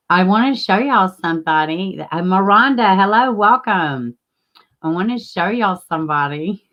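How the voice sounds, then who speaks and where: A woman's voice: fairly low pitch, a bit bright, muffled recording. A woman, casually chatting with viewers as a livestream host and greeting them by name. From Tennessee, US.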